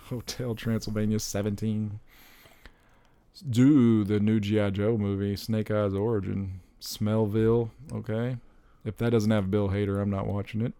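Excitable young man with a gravelly voice. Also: on the low side, a little slow, no echo. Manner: excitable, rambling, with frequent exclamations. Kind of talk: casual chat about upcoming movies.

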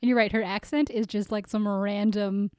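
A woman co-hosts a podcast, chatting casually and laughing often. Her medium-pitched voice is a little mellow, clear and resonant, with fairly even intonation at a normal speed, captured in a dry, clean studio recording.

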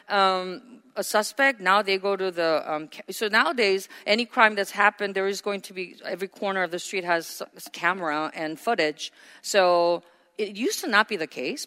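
A woman's voice: on the low side, bright, forceful tone, clean tone. A woman teacher giving a casual classroom lecture, chatty, with many fillers and restarts, acting out quotes. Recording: long hall reverb.

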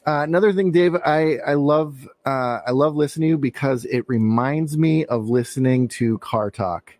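Guy on a podcast rambling with lots of uhs, gets real excited sometimes, dry mic. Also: mid-range voice, moderate pace, no echo. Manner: rambling with many fillers, sudden bursts of enthusiasm. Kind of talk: casual podcast conversation.

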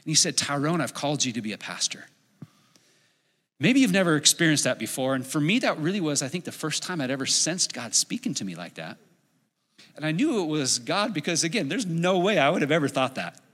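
A middle-aged man preaching a sermon as a pastor, telling a story in an animated way and acting out his own inner voice. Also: on the high side, a little fast, slightly rough. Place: church sanctuary. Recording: long hall reverb.

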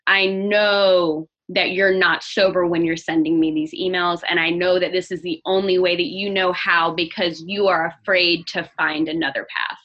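A young woman with a bright, somewhat husky voice talks earnestly and openly in a personal conversation. She grows animated when she talks about anger. The recording sounds dull and lo-fi. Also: fairly low pitch, moderate pace, hardly any pauses. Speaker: guest. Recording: dull lo-fi audio.

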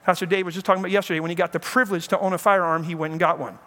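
A man's voice: high voice, racing. A male pastor preaching a sermon, telling the stories with animation and acting out the quoted lines. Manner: animated storytelling preacher who acts out quotes.

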